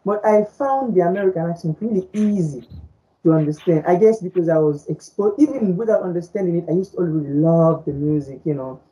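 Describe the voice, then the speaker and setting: Soft-toned rambling woman, native Fulani. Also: on the low side, a little fast, rough recording. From French-speaking Africa. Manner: rambling, many repeated words and fillers. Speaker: podcast co-host. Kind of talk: casual chat.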